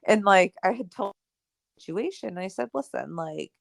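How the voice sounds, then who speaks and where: Gravelly-voiced woman telling a story. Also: medium pitch, moderate pace, no echo, clean studio sound. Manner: animated, acts out quoted dialogue, many "like" and "right?". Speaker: podcast co-host. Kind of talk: casual storytelling chat.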